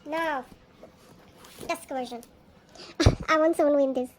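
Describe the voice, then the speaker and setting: A woman unboxing albums on a casual vlog, gushing excitedly and gasping at each card she pulls. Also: high-pitched, takes it slowly, a little hiss or hum.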